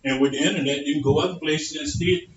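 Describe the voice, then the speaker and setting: A man's voice: a little high, fast talker, a little hiss or hum. Folksy preacher man, echoey and distant. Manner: folksy, joking, asks and answers his own questions. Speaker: religious teacher. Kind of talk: informal call-and-response lecture. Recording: echoey room, distant mic, dull lo-fi.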